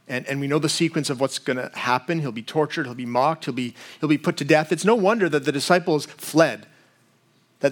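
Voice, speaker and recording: A middle-aged man preaching a sermon in a conversational way, with loose asides and quick shifts of voice when he retells a story. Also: a little high. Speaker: pastor.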